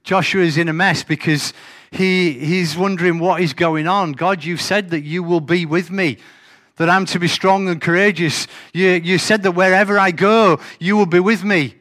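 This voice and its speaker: A man's voice: high voice, steady tone, moderate pace, a bit bright. A man preaching a sermon, conversational and emphatic, with rhetorical questions. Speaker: pastor.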